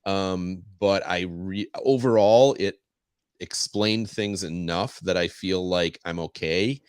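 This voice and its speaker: A man's voice: sits low, takes it slowly, smooth, no echo, studio quality. A man co-hosting a podcast, chatting casually about a show and animatedly retelling scenes. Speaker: podcast co-host. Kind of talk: casual discussion.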